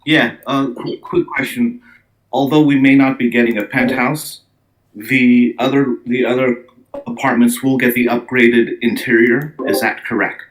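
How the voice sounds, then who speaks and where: A man's voice: mid-range voice, fairly even intonation, poor audio. A man from the community asking a question on an online call, stumbling over his starts. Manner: halting, stammering starts.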